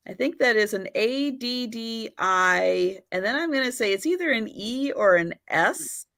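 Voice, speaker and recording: Woman, livestream host, slow speech, bright clear tone, describing old photos. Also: medium pitch. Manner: slow, thoughtful, describing items. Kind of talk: casual livestream chat.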